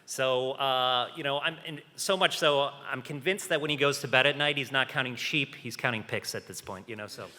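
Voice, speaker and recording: A man's voice: medium pitch, normal speed, few pauses, sharp tone, long reverb tail. A man co-hosting a conference contest on stage, playing the self-deprecating straight man in the banter. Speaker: co-host. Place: hotel conference hall.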